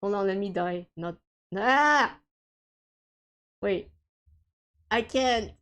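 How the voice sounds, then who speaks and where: A woman's voice: mid-range voice, expressive, extremely slow, fairly bright tone. A woman streaming a co-op game with friends, chatting casually and hesitantly with lots of fillers and frequent giggles.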